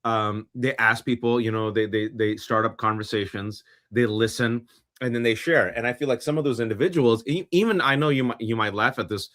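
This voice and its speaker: A man's voice: mid-range voice, fairly quick, a bit bright. A man co-hosting a political talk show, speaking conversationally and thinking aloud. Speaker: co-host. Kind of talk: casual political chat.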